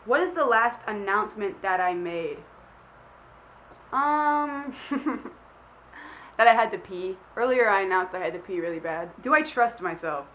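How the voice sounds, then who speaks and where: A woman's voice: mid-range voice, expressive, unhurried, pauses often, a bit bright, rough recording. A young woman vlogger talks through a list of questions in a loose, rambling way, filling her sentences with "like" and laughing at herself. She sounds a little sick, and a faint hum of the room sits behind her voice. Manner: rambling, self-deprecating, lots of "like" fillers. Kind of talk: casual chat.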